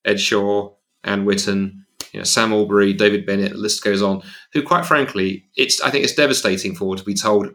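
A man's voice: fairly low pitch, fairly even intonation, normal speed, a bit bright. A man speaking as a podcast guest, earnest and emphatic, often restarting his sentences. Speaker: guest, evangelist. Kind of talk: conversational podcast discussion.

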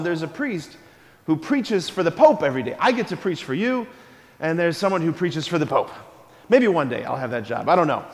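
Upbeat priest guy preaching at a school mass, fairly high voice, big echoey church. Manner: energetic, engaging the congregation with call-and-response. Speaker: Catholic priest. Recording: long church reverb.

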